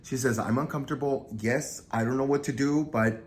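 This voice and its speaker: A man's voice: medium pitch, steady tone, brisk, darkish tone, a little hiss or hum. A man casually retelling a true crime story, acting out the quoted lines with lots of energy.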